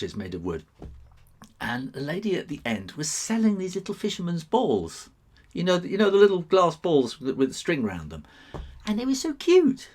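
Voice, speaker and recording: Man, middle-aged, live drawing-stream host, rambling, chuckling, casual chat. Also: lowish voice. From England. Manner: chatty, chuckling, rambling asides.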